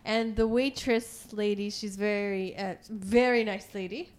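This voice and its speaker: A young woman telling stories in a casual chat, animated and laughing easily. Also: mid-range voice, unhurried, clear, resonant tone.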